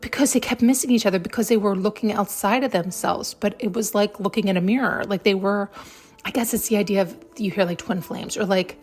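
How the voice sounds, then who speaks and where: A woman's voice: medium pitch, fairly quick, faint music behind. A woman hosting her podcast, shaken and close to tears, rambling emotionally and swearing casually as she reflects. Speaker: podcast host. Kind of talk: intuitive reflection.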